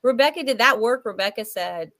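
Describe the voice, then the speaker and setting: Bright, lively-voiced woman co-host. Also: a little high, fairly quick. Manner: reactive, exclaiming, laughing. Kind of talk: casual chat.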